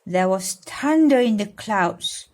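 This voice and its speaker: A woman reading a storybook aloud to her godchildren, pausing to explain and coax them with questions. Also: mid-range voice, animated. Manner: warm, coaxing, explains and asks children questions. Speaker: godmother reading to children.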